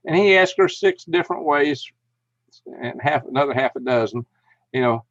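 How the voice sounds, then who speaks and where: A man rambles folksy stories on a live stream and chuckles as he reads chat. His voice is mid-pitched. The sound is dry and close, but a bit dull, like a modest home mic. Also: fairly quick, no room sound. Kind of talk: casual storytelling and reading chat.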